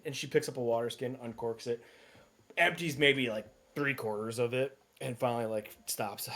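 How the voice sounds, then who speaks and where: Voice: mid-range voice, moderate pace, fairly bright tone. A game master narrating a tabletop game in a rambling way, with many fillers and asides.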